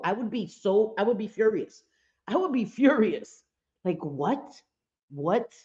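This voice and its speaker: A woman's voice: medium pitch, dark tone. A woman in her fifties hosting a casual livestream chat, blunt and profane, laughing often as she talks. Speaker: livestream host. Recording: dull lo-fi stream audio.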